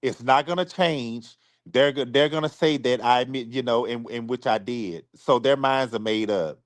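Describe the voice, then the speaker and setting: This is a man addressing his supporters on a live stream with an apology, his voice in the mid range and the audio free of echo. He's on the verge of tears, stumbling through his words and frequently repeating or restarting them.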